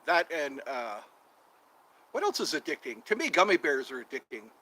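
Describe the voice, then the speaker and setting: Heard on a low-quality recording, a man hosts his channel's casual outdoor livestream, wandering from topic to topic with jokes and elongated words. His voice is a little high and very animated, bright and pushed, at a normal speed.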